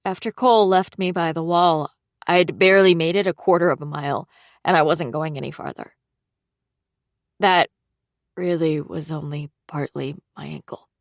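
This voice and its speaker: A woman narrating a thriller audiobook in the first person, in a measured, subdued reading. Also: low-pitched, steady tone, gravelly, dry recording, studio quality.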